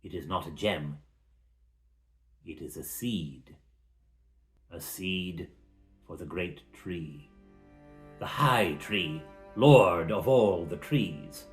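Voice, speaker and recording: A man puts on the voice of an old wizard, low, deep, mysterious and cryptic. He speaks slowly and solemnly, drawing out every portentous word, over soft background music.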